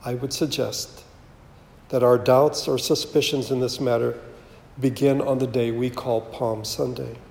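A man giving a slow, measured, solemn sermon as pastor, reading scripture aloud. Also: medium pitch, fairly even intonation, gravelly, a little mellow. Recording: roomy with long reverb.

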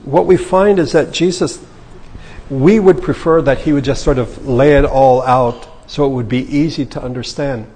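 Husky-voiced male pastor in a reverberant church. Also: medium pitch, moderate pace, mellow. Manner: conversational, paraphrasing scripture in casual speech. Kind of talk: sermon.

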